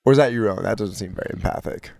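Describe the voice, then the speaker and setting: Fast-talking young man, dry sound. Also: fairly low pitch, gravelly, a little mellow, dry recording. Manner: quick quips and suggestions. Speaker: podcast co-host. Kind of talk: casual chat.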